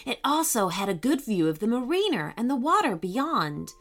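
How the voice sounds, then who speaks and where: A woman reading a children's story aloud in a gentle, expressive way. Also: fairly high pitch, normal speed.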